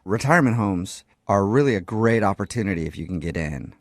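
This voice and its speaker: Deadpan male morning radio host. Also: lowish voice, a little fast, no room sound, studio quality. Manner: deadpan joking. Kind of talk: joking morning radio banter. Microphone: studio mic.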